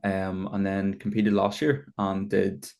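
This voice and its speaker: A man in his twenties with a Northern Irish accent, chatting casually as a podcast guest, relaxed and rambling with fillers. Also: sits low, slow pace, gravelly. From Northern Ireland. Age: 20s. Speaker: guest, bodybuilder. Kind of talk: casual chat.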